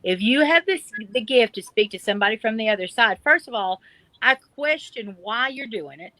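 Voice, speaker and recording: A woman's voice: a little high, animated, moderate pace, pushed and bright, dry recording, poor audio. A middle-aged woman from the Appalachian Mountains with an Appalachian accent, a guest on a video call, talking bluntly and emphatically. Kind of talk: casual chat.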